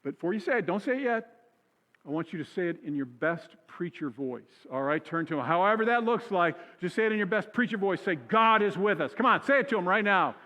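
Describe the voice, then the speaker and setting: Male pastor, high-pitched, conversational sermon delivery, church hall reverb. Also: expressive, quick pace, sharp tone. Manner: conversational preaching, repeats key phrases for emphasis. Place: church sanctuary.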